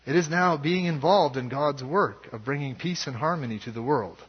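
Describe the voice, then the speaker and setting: A man preaching a sermon as pastor, in a measured and earnest way. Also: fairly high pitch, husky. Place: church sanctuary. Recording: dull lo-fi sound with long hall reverb.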